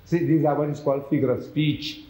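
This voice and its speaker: A man's voice: fairly high pitch, fairly even intonation, brisk, mellow. Man lecturing in a roomy hall. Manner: rhetorical, questioning the audience. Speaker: religious lecturer. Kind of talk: public lecture.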